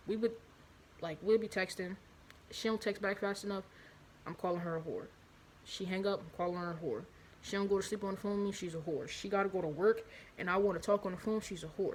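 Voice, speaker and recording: Blunt, rambling young woman, low voice. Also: a little hiss or hum, low-quality recording. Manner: rambling and blunt, with many fillers. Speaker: vlogger. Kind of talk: candid confessional storytime.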